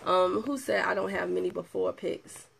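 Animated, chatty woman with gravelly edge. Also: fairly low pitch, normal speed. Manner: animated, chatty, with playful asides and laughter. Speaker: product distributor showing client results. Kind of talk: casual video chat.

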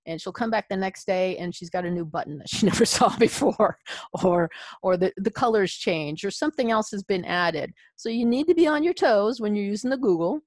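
A woman's voice: mid-range voice, a little fast, a little mellow, dry recording. A woman leading an adult education training session, chatty and informal, checking in with "okay?" as she goes. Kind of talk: instructional webinar presentation.

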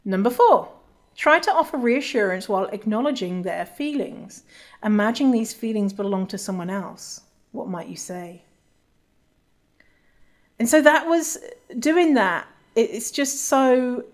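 A woman hosting a solo podcast, talking casually and candidly, swearing freely and restarting her sentences often. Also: a little high. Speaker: podcast host.

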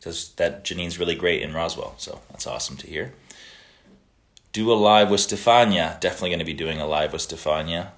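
A man with a deep, low voice hosts a laid-back livestream and reads viewer greetings aloud. He answers questions casually and often slips into short Italian phrases. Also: brisk, fairly bright tone. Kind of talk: casual live chat reading viewer comments.

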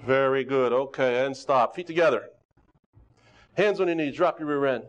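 A jokey karate instructor calls out warm-up moves and ribs his students as he goes. His voice sits in an ordinary middle range. The recording is dull and lo-fi, like an old local TV studio tape. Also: mid-range voice, moderate pace. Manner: jokey, teasing coach calling out exercises. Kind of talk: leading a warm-up on a local TV show.

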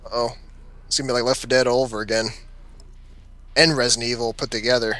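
A young man chatting casually while playing a video game, excitable and swearing often. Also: mid-range voice, fast talker, no echo. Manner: excitable, swears, laughs a lot. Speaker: gamer. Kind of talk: casual let's-play chat.

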